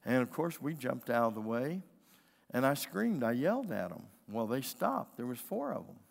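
In a church sanctuary with long hall reverb, a middle-aged male pastor preaches with emphatic storytelling, acting out the voices he quotes. His mid-range voice is gravelly and very animated, moving at a normal speed.

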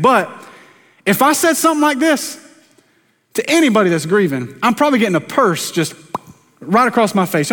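A man's voice: sits high, fairly bright tone. A man, a pastor preaching a sermon in a conversational, self-deprecating way, often turning to ask the congregation questions. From South Carolina, US. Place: church sanctuary. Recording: long church reverb.

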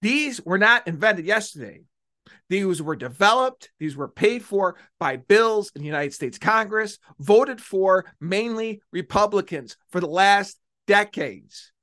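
A male political commentator with a voice pitched well above most men's. His monologue is combative and mocking. He drags out key words to hammer each point home. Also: lively intonation, measured pace, pushed and bright. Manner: combative, sarcastic, stretches words for emphasis. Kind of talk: opinionated monologue.

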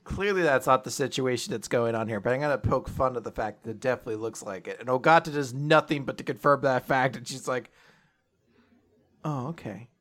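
A man's voice: medium pitch, fairly quick, a bit bright. A man casually recapping an anime episode with a co-host, laughing and acting out the characters' lines. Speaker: podcast co-host.

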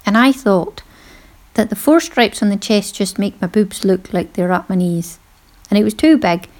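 Woman, middle-aged, podcast host, casual monologue, self-deprecating, laughs often. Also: medium pitch.

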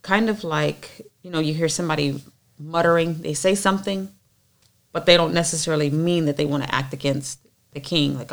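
Low, gravelly woman reading scripture. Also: steady tone, a little fast. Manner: conversational, thinking aloud with fillers. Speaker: Bible study reader and discussion leader. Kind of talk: reading scripture aloud and casual discussion.

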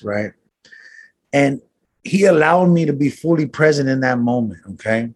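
Husky-voiced man telling earnest stories. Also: medium pitch, normal speed, darkish tone. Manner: earnest storytelling with street slang and swearing. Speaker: guest. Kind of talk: casual conversation.

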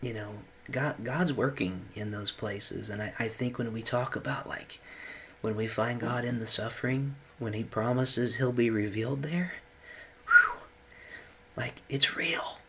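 A man who works as a hospital chaplain, talking earnestly and reflectively in a conversation, pausing often and growing emotional. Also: medium pitch, fairly even intonation, vocal fry, background noise. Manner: earnest, pausing, gets choked up.

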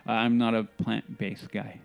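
A man co-hosting a podcast, reading out news items in casual chat, halting and restarting as he gripes. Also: fairly low pitch, little pitch movement, gravelly.

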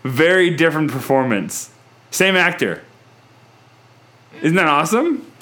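A man's voice: fairly high pitch, big pitch swings, unhurried, background noise. A man hosting a casual film review chat, talking things through aloud with frequent restarts. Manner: chatty, thinks aloud with restarts. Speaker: podcast host, film reviewer.

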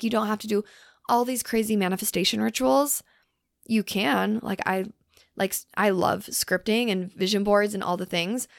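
A young woman hosting her own podcast, talking loosely with lots of fillers and the odd swear, softly emphatic. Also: mid-range voice, gravelly, no echo, studio quality. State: hungry from fasting. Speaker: podcast host. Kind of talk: casual solo podcast talk.

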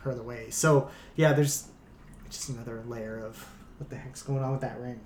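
A man co-hosting a casual podcast, rambling as he thinks aloud with plenty of hesitations. His voice is mid-pitched and echoes around the room. A faint hum of ambience sits underneath. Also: fairly even intonation, moderate pace, a little mellow. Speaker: podcast co-host.

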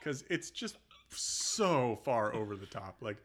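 A man from the American South co-hosting a casual podcast, with a relaxed, conversational way of talking. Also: mid-range voice, slow pace, background noise. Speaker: podcast co-host.

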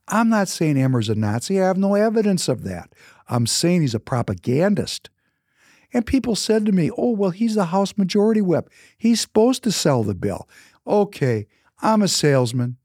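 A man hosts a podcast and delivers heated, opinionated commentary. He hits his points hard and slows right down to stress key words. His voice is a touch high and swings widely in pitch, recorded dry and close. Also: darkish tone, dry recording. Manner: impassioned, emphatic, slows words for emphasis. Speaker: podcast host.

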